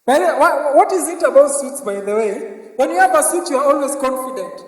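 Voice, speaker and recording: Playful stand-up comedian, high voice. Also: male voice, animated, fairly quick. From Kenya. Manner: playful, keeps asking the crowd "yeah?". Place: outdoor comedy show in a park. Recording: roomy reverberant live recording from a distance.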